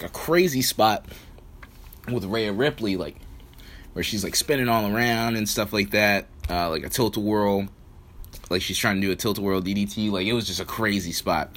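A man giving a rambling, casual recap of a wrestling event, with lots of fillers. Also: sits low. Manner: rambling, many fillers, relaxed. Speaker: wrestling show reviewer.

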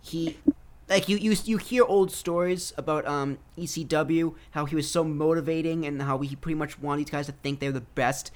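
Eager, argumentative man, higher voice. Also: moderate pace, slight background noise. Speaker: podcast co-host. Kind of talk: casual chat.

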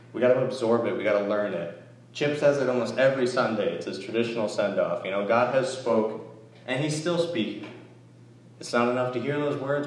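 A church lay speaker with a mid-range voice gives an informal sermon, telling stories in a conversational, animated way with asides. The recording is made in an echoey church room with a distant mic and faint noise.

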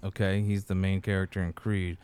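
A man's voice: low-pitched, little pitch movement, fairly quick, crowd noise. A man chatting casually on a podcast, retelling a commercial in a rambling way. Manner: rambling storyteller, acts out quotes. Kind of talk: casual chat about commercials and football.

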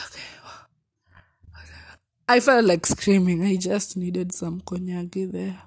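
A young woman with a Kenyan accent tells a personal heartbreak story, swinging between loud exclamations and hushed asides and slipping in Swahili. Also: medium pitch, takes it slowly, long pauses, breathy edge. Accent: Kenyan English. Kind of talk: emotional storytime vlog.

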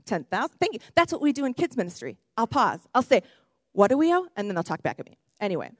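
A young woman who works in kids ministry, preaching a sermon in an animated, chatty way, correcting herself and breaking into excited shouts. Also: medium pitch, fast, no echo, clean studio sound. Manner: self-correcting, chatty asides.

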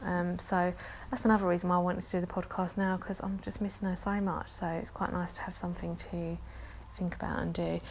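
A woman's voice: lowish voice, flat delivery, fairly quick, few pauses, slight background noise. A woman in her thirties with a London accent, chatting casually on her own podcast, rambling and self-deprecating with many ums. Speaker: podcast host. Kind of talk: casual solo podcast chat.

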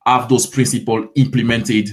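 A man's voice: mid-range voice, level tone, normal speed. A man in his thirties from Ivory Coast with a French accent, a fitness coach answering interview questions in a friendly way with frequent restarts. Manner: friendly, repeats words while starting sentences.

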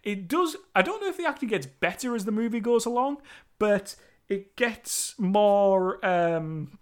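A man's voice: high voice, expressive, unhurried. A British man from the UK giving a loose, rambling film review, full of restarts and casual swearing. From United Kingdom.

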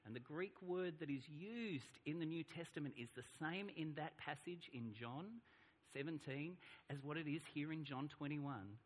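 A man with an Australian accent from Melbourne, preaching a sermon, reading scripture slowly and then speaking with animated, rising emphasis. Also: a little high. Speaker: pastor. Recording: long reverb in a large hall.

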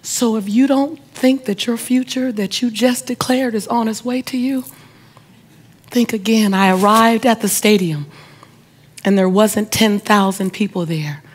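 A woman's voice: a little high, unhurried, husky. A middle-aged woman telling a story during a motivational talk. She acts out the other people's voices and asks the audience question after question. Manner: audience-directed, repeated rhetorical questions. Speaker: motivational speaker. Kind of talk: inspirational speech.

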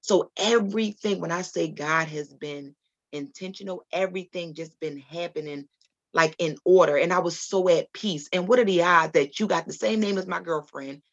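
A woman's voice: fairly low pitch, moderate pace. A woman telling a personal faith story as a podcast guest, earnest and rambling, with many ums and restarts. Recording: dull lo-fi audio.

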